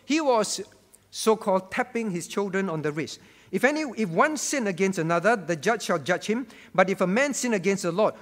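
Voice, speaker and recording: Pastor guy preaching, keeps repeating stuff and asking the crowd questions, big echoey hall. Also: sits high. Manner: emphatic, repeats key phrases and asks the congregation questions. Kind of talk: sermon. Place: church.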